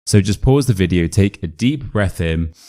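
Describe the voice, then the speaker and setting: Low-voiced British RP male teacher. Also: lively intonation, moderate pace, dark tone. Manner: clear, upbeat, demonstrating sounds. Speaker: English pronunciation teacher. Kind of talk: instructional video lesson.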